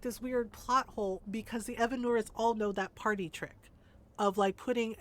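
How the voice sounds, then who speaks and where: A woman streamer in casual commentary, ranting emphatically and swearing a lot. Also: mid-range voice. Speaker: game streamer.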